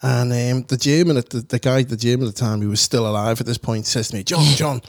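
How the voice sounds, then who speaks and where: A man's voice: medium pitch, steady tone, fast, no echo. A man telling a long story in casual chat, rambling, swearing freely and laughing as he goes.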